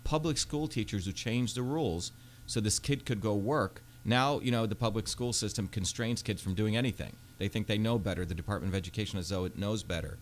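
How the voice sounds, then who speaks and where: Guest spot: man in his 50s, deep-ish voice, earnest storyteller, faint background hiss. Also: a little fast, hardly any pauses. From India. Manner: earnest, fluent storytelling with frequent fillers. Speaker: Senate candidate, guest. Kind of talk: radio interview. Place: radio studio.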